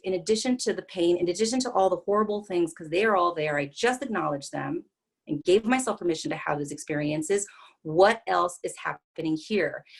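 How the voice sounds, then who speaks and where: A woman psychotherapist giving a talk, earnest and reassuring, with frequent fillers and restarts. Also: mid-range voice. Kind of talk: talk to an online group.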